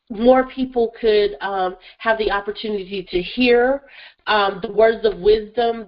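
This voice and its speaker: Her voice is medium-pitched, and the top end of the recording is cut off. Hosting her own radio show solo, this therapist and motivational speaker sounds stuffy from a cold. She's upbeat and gushing, returning again and again to "listen" and "guys."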